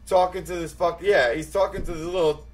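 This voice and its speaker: A man's voice: high-pitched, fairly even intonation, fairly quick, faint music behind, poor audio. A man telling a rambling, profane story in a casual chat among friends. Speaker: podcast co-host.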